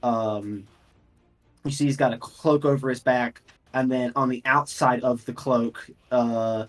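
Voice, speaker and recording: A man narrates a tabletop game as game master, talking loosely and rambling, with plenty of fillers. His voice sits at a middle pitch with faint music underneath. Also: steady tone, unhurried.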